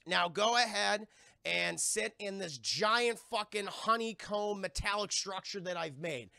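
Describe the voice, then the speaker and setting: A man voicing a cold, scheming male mad-scientist doctor who gives smug, businesslike instructions in a bright, gravelly, high voice. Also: unhurried, dry recording, clean studio sound, heavily acted.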